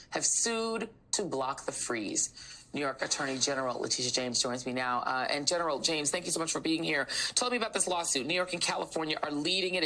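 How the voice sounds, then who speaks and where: A woman's voice: low voice, pushed and bright, poor audio. A woman hosting a televised news show who builds long, pointed framing questions before handing off to her guest.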